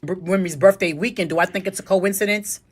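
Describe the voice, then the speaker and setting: A woman talks quickly in a slightly low voice, giving chatty gossip commentary. She keeps asking rhetorical questions and answering them herself. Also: breathy edge. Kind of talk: casual commentary.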